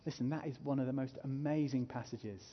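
A man's voice: medium pitch, a little fast. A man preaching a sermon as a pastor, earnest and growing emphatic as he urges his listeners. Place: church hall. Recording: muffled hall reverb.

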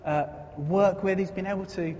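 Speaking at a normal speed in a high, steady, darkish voice, a man preaches in church, earnest and storytelling in manner and rising into emphatic repetition. The audio sounds like a muffled, echoey hall with a little faint noise.

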